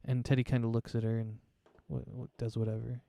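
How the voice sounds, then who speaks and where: Mellow-voiced man rambling through a game. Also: mid-range voice, fast, vocal fry, dry recording. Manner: relaxed, rambling, many fillers. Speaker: tabletop game player. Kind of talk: casual online tabletop game chat. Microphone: online voice chat mic.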